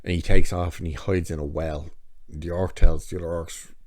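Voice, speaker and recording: A man's voice: deep voice, flat delivery, moderate pace, a little mellow, no echo, clean studio sound. A man reviewing a TV episode in a casual, chatty recap, sarcastic and profane as he tells the plot.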